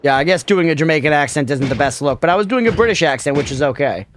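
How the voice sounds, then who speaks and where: Quick and animated, a fairly high-pitched man streams a game and talks casually with his audience. He cracks jokes while replying to chat during gameplay.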